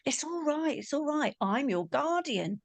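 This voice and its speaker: A woman quoting a forthright male guardian archangel in her own voice, reassuring and brisk. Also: on the high side, sing-song, dry recording, voice pushed up.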